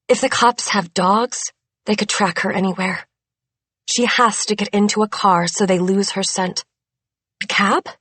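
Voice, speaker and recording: A woman narrating a thriller audiobook in a measured, suspenseful way, close to a studio mic. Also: mid-range voice, slightly rough, dry recording. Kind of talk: scripted narration.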